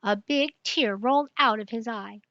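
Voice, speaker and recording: Older woman, storybook reading, slow and bright; dull dry recording. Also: fairly high pitch, dry recording. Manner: slow, clear, even reading. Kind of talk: reading a picture book aloud.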